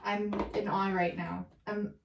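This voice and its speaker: A woman's voice: mid-range voice, little pitch movement, measured pace, gravelly, recorded from a distance, muffled recording, slight background noise. Emotional woman card reader in an echoey room. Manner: emotional, overwhelmed, swears and laughs between card readings. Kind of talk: casual spiritual card reading to viewers.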